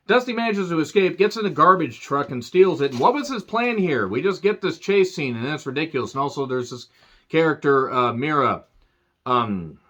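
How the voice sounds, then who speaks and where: Male reviewer, sardonic and foul-mouthed, mid pitch, somewhat muffled lo-fi sound. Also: fairly bright tone. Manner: sarcastic, swearing, laughing asides. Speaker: film reviewer. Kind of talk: profane movie review rant.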